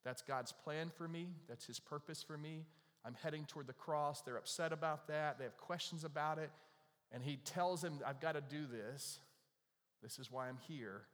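A man's voice: a little high, moderate pace, a bit bright. A male pastor preaching a sermon, retelling scripture in casual everyday speech. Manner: conversational preaching, paraphrasing scripture in everyday voices. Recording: long reverb of a large hall.

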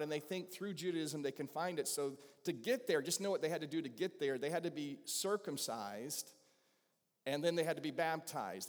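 Southern pastor preaching in a reverberant hall. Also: male voice, a little high. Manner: conversational preacher, asks the congregation questions. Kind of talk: sermon. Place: church sanctuary. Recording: long reverb of a large hall.

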